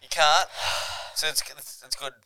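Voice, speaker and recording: A man's voice: on the high side, fairly even intonation, a little slow, sharp tone, smooth, dry recording, poor audio. An Australian man, a comedian guest on a podcast, bantering bluntly with plenty of swearing. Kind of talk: casual comedy chat.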